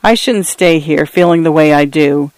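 A gentle, wistful old pioneer grandfather , as a man narrator puts him on, speaking slowly and softly. Audiobook reading, dry and close. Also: fairly high pitch, no room sound, natural voice. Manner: gentle, slow.

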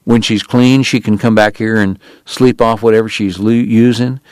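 A man's voice: lowish voice, fairly even intonation, normal speed, a little mellow, dry recording, lightly acted. A man voicing a practical, matter-of-fact brother in an old-west audiobook.

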